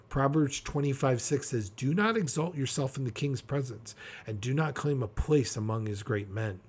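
A man preaching a practical podcast sermon, emphatic and direct, acting out quick quotes to make his points. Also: mid-range voice, a little mellow, slightly rough.

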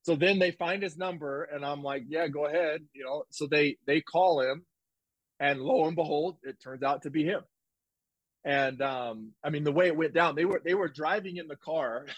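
A man telling a personal story in a casual interview, animated and rambling, with restarts and quoted dialogue. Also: medium pitch, no echo, low-quality recording. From United States. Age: 20s. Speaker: guest, former football player. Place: home office.

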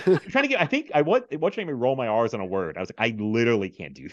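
Man, podcast host, swinging lively pitch, laughs often, dry muffled sound. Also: fast, no room sound. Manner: animated storyteller, laughs often. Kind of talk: casual movie podcast chat. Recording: dry, slightly dull sound.

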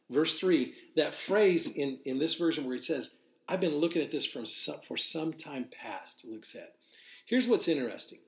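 A pastor teaches through the Bible verse by verse in a medium-pitched male voice, and the room sounds echoey. His delivery is loose and unscripted, full of fillers and restarted sentences, and he spells out Greek words. It's a live broadcast to listeners.

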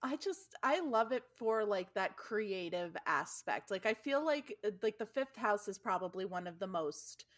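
A woman's voice: medium pitch, lively intonation, normal speed, few pauses, no room sound. Chatty woman, dry close sound. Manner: chatty, fills talk with "like". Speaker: podcast co-host. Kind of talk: casual chat.

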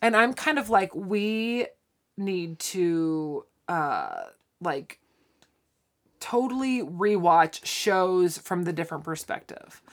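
Speaking slowly in a lowish voice, a woman co-hosts a podcast and retells a sitcom episode in casual chat. She's animated, delivering the characters' lines as she narrates.

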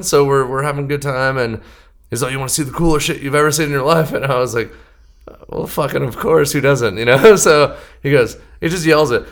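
A young man telling a rambling, profane bar story on a podcast in a casual, animated way. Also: mid-range voice, quick pace. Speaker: podcast guest, band member.

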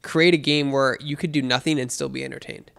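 A man co-hosting a casual chat, excitable and rambling, restarting his sentences often. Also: mid-range voice, a little fast, creaky, clear, resonant tone. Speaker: podcast co-host.

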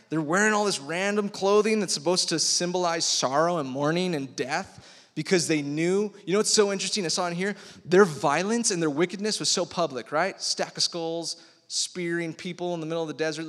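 A young man preaching to a youth group in an energetic, slangy way, bringing the story to life with animated storytelling. His voice sits a little high for a man. The sound carries a long reverb from a large church hall. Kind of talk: casual youth sermon.

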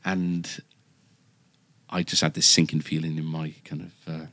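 Podcast host, very low voice, dry close sound, rambling anecdote teller. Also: male voice, flat delivery, unhurried, a bit bright, no echo. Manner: rambling, full of fillers and self-mocking asides. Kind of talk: casual anecdote telling.

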